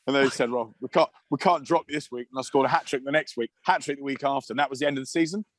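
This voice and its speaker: A man from England, a podcast guest, telling loose, rowdy anecdotes at an average pitch. He swears freely and chuckles his way through the tales. The recording is dry and close, with no room sound. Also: fast talker, dry recording. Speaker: podcast guest, former rugby player. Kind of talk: casual anecdotal storytelling.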